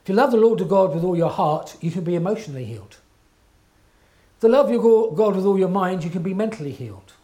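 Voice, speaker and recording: A man's voice: sits high, animated, fast talker, mellow. A man preaching a sermon in an earnest, emphatic way, often checking in with his listeners.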